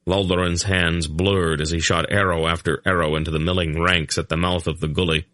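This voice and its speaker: A man reads a fantasy audiobook in a steady, measured way. His voice is very low, and the recording is close and dry with no room echo. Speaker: audiobook narrator.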